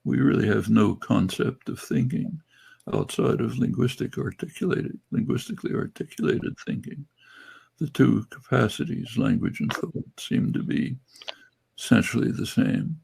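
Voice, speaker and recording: Older man with a deeply gravelly, rough voice and a husky breathiness, speaking in slow, deliberate phrases. He explains ideas in a calm academic register. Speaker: guest speaker.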